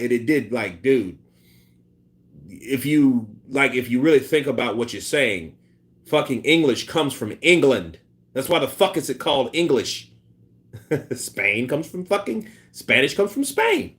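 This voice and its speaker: A man's voice: medium pitch, unhurried. A man hosting a casual boxing live stream, reading chat and talking loosely with profanity and laughter. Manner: imitates punch sounds and quotes people in put-on voices.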